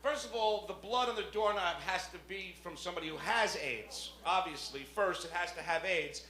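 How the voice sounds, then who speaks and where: A stand-up comedian from the Bronx with a New York accent, telling a brash, profane story on a club stage. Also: male voice, sits high, moderate pace, bright, forceful tone. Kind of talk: stand-up set. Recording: echoey, noisy club recording. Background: audience laughter.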